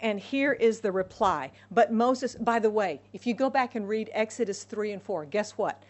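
A woman preaching a sermon to a congregation, animated, acting out voices of God and Moses. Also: mid-range voice, normal speed.

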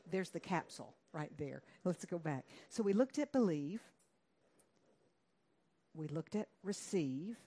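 A woman preaching a sermon in a conversational way, with a fairly low voice. She keeps asking her listeners questions and acts out quoted lines in a raised voice. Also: lively intonation, a little slow, pauses often, mellow.

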